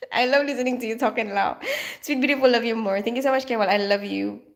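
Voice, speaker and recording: A woman's voice: a little high, fairly quick. A woman with a Filipino accent, casually chatting and laughing with viewers on a livestream, greeting them by name. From Philippines. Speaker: livestream host reading chat. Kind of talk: casual live chat.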